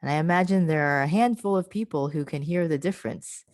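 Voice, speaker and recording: A woman's voice: low voice, fast, darkish tone, dry recording, rough recording. A woman presenting an online pronunciation workshop over a video call, patiently modelling and repeating example words and encouraging participants.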